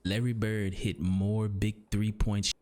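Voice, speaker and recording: Male sports narrator, lowish voice, scripted and confident, pokes fun at his target. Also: level tone, a little slow, a little mellow. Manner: confident, mocking commentary. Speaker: video narrator.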